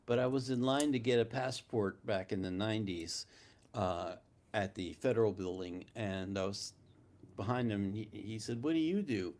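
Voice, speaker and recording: A man's voice: lowish voice, normal speed, darkish tone. A middle-aged man co-hosting a casual live chat, telling blunt anecdotes with hesitant fillers. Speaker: co-host, film producer.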